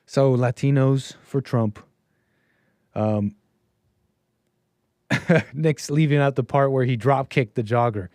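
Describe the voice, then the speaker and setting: A U.S. man hosts a casual call-in livestream monologue, telling rambling stories with frequent restarts and asides. He speaks slowly at a medium pitch, pausing often, in a darkish tone captured as clean studio sound with no room sound.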